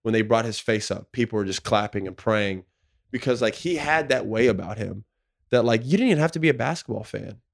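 A man's voice: on the low side, expressive, fairly quick, gravelly. A man in his thirties, a podcast co-host, telling an emotional story in slangy, profane casual talk full of "like" and "bro". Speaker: podcast co-host, former pro basketball player.

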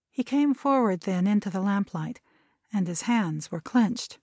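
A woman reads a novel aloud in a steady, measured storytelling voice at an ordinary middle pitch. The sound is dry and close, with no room around it. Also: slightly rough, no room sound. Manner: measured storytelling, voicing characters' dialogue. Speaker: audiobook narrator. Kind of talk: scripted narration of a novel.

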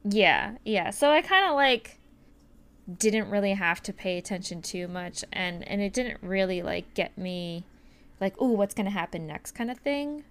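A woman's voice: medium pitch, animated, a little slow, fairly bright tone, clean tone. A woman co-hosting a casual podcast chat, talking in a rambling, hesitant way with many fillers. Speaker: podcast co-host reviewing an anime film.

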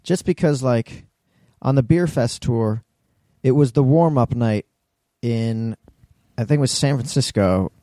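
A man's voice: medium pitch, unhurried, mellow, no room sound. A man co-hosting a podcast in casual chat, brash and teasing, with some swearing. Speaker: podcast co-host.

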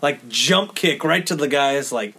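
A man's voice: medium pitch, animated, measured pace, bright, forceful tone, husky. A man co-hosting a casual film-review chat, laid-back and swearing now and then. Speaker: podcast co-host reviewing a film.

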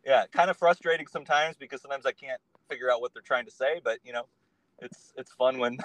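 A man's voice: medium pitch, fairly quick, fairly bright tone, low-quality recording. A man, a guest on a podcast, talking in a casual conversation and telling his story in an earnest, meandering way.

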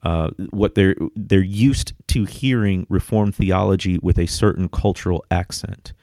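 A man co-hosting a podcast, discussing theology in a measured, articulate and emphatic way. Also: sits low, vocal fry, mellow, no echo, studio quality. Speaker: podcast co-host.

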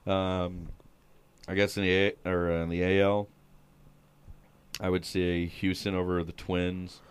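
A man's voice: deep voice, level tone, a little slow, clear, resonant tone. A man co-hosting a podcast, chatting casually about baseball in a crude, joking way. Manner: crude, joking banter, swearing. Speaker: podcast co-host. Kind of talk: casual sports chat.

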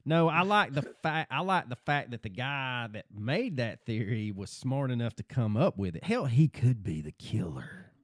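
A man's voice: mid-range voice, sing-song, moderate pace, few pauses, no echo. Easygoing man, dry close sound. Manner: easygoing, theorizing aloud. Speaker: podcast co-host. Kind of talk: casual chat.

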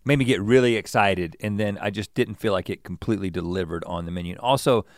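A man co-hosting a casual chat, telling an anecdote in an animated way and laughing often. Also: fairly low pitch, fast talker, dry recording, studio quality. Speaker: podcast co-host.

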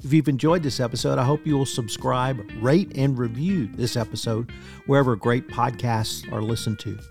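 A man, the podcast host, reading a brisk, polished scripted outro and promo. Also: medium pitch, steady tone, creaky. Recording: music bed behind the voice.

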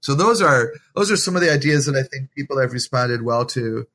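A man's voice: mid-range voice, expressive, brisk, fairly bright tone. A man speaking as a guest author in a podcast interview, giving earnest, encouraging parenting advice in a preacherly way.

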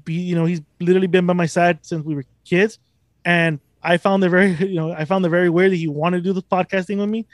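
Fast-talking, high-voiced profane man. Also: steady tone, dry recording, clean studio sound. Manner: profane, rambling, emphatic. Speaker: podcast host. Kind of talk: casual podcast chat.

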